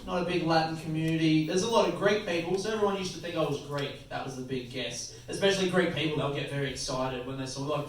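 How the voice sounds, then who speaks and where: A man in his late twenties with an Australian accent, doing a crude, animated stand-up comedy set. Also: a little high, quick pace, few pauses, slight background noise. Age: late 20s. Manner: crude, loud punchlines, animated crowd-work. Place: comedy club stage. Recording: echoey venue, picked up from a distance. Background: audience laughter.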